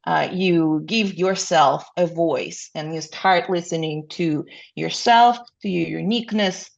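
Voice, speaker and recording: A woman's voice: on the low side, measured pace, creaky, lo-fi sound. A woman speaking as a coach in an interview, with frequent fillers and rhetorical questions. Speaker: burnout coach, guest. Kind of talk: interview answers.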